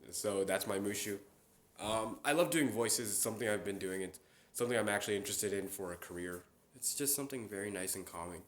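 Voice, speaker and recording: A man's voice: fairly low pitch, brisk. A young man hosting a casual solo chat. He rambles, with many fillers and restarts. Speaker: podcast host. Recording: roomy echo.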